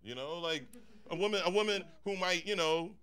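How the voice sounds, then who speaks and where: A man's voice: sits high, normal speed, a bit bright, smooth. A young adult man doing a stand-up comedy set, telling stories with lots of profanity and talking straight to the audience. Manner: profane, conversational storytelling; addresses the audience directly.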